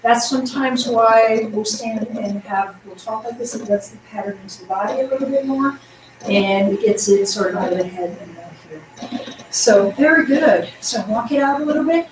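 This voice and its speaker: Upbeat female tai chi teacher, fairly high voice, projecting, heard from across an echoey room. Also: normal speed, far from the mic, slight background noise. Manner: upbeat, encouraging, counts out moves; projecting her voice loudly. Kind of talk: guiding an exercise class. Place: exercise room indoors.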